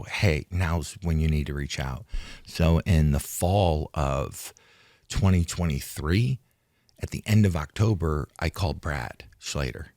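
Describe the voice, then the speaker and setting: A man's voice: sits low, a little mellow, no room sound, studio quality. A man and retired fighter, a guest in an interview, telling a long story in a rambling way and acting out what others said to him. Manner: rambling, restarts, acts out quoted talk. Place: studio in Hollywood.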